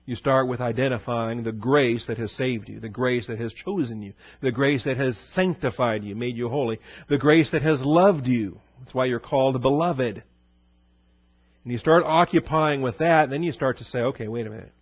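A man's voice: medium pitch, moderate pace, slightly rough, no echo, dull audio. A male pastor giving a conversational verse-by-verse sermon, asking his listeners questions and answering them himself, with many fillers.

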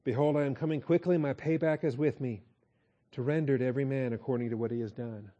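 A man leads a verse-by-verse Bible study in a warm, mellow voice. He talks conversationally, checking in with his listeners and slowing down to repeat key points. His pitch sits in the middle range. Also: fairly even intonation, highs cut off. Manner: conversational, with frequent "okay?" check-ins and slow emphatic repeats. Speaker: pastor.

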